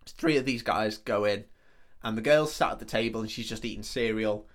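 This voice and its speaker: A man's voice: fairly low pitch, fairly quick. A man co-hosting a podcast, casually recapping a film in a rambling way full of "like" and swearing. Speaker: podcast co-host.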